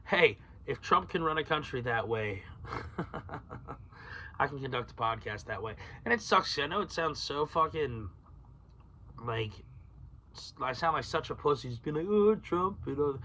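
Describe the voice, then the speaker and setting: Guy ranting solo on his podcast, bright edgy voice, swears a lot, rambles, faint hum behind. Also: mid-range voice, expressive, measured pace, long pauses. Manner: rambling, swears freely, laughs at own tangents. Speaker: podcast host.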